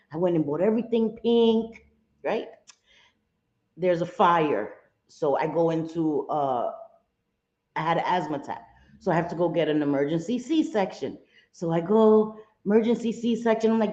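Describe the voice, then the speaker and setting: Middle-aged woman hosting a live stream, chatty and expressive, roomy slightly dull sound. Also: lowish voice, moderate pace. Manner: chatty and expressive, greets viewers by name, swings from sweet to fired up. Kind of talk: casual live chat reading viewer comments.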